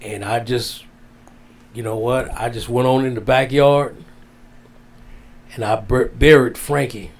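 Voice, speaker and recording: A man's voice: medium pitch, fairly even intonation, measured pace, gravelly, long pauses. Older man telling an emotional story. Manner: rambling, repeats phrases, Southern-style casual grammar. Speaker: interview guest.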